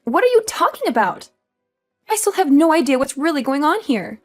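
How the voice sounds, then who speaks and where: A woman's voice: high voice, very animated, moderate pace, soft background music. A woman voicing a spoiled, entitled sister-in-law who taunts with mocking laughs, in a dramatized story. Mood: indignant. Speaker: voice actor.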